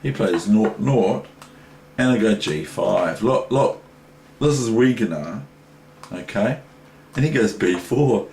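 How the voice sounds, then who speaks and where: A New Zealand man gives a casual chess lesson, analysing a game in a chatty, rambling style full of asides. His lowish voice is expressive and a little mellow, and he takes it slowly with long pauses. The room is echoey with faint noise.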